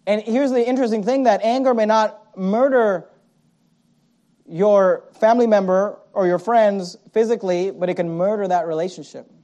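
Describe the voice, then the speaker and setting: A male pastor preaching a sermon, swinging from loud, punchy lines to quiet asides and mimicking his listeners' excuses. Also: high voice, normal speed.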